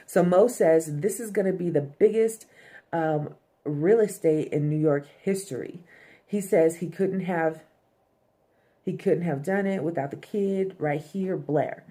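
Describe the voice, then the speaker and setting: Woman, casual episode recap, rambling, profane, low, warm voice. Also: a little slow. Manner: loose and profane, heavy "um" and "like".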